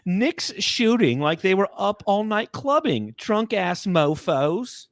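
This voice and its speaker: A brash old New York lady with a mocking, profane bite and a thick put-on New York accent, done by a man. The voice sits up high and swoops around. It is recorded dry and close. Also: big pitch swings, takes it slowly, dry recording, exaggerated voice. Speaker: podcast host. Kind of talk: reading comments in a mock accent.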